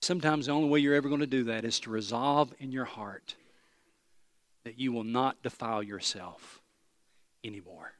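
A pastor, from East Tennessee, preaching a sermon with animated storytelling, self-deprecating humor and emphatic repetition. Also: male voice, mid-range voice, normal speed, no echo.

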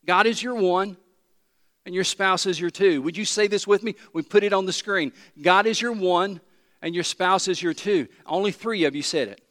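A man preaches in a fairly high voice, slowing to drive home repeated phrases. His words ring out with the long reverb of a large church hall. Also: fairly bright tone. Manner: emphatic preaching, slows and repeats key phrases. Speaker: pastor. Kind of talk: sermon.

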